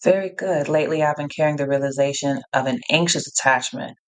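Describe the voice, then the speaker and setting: A woman hosting a live-streamed Q&A, reading out chat replies in an energetic, encouraging way and often repeating herself. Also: low-pitched, fairly quick. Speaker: live Q&A host, coach.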